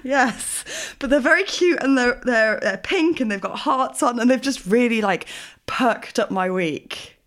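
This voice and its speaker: A woman's voice: fairly high pitch, expressive, measured pace, fairly bright tone. A woman co-hosting a podcast, talking in casual chat with a self-deprecating, giggly manner and lots of fillers. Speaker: podcast co-host.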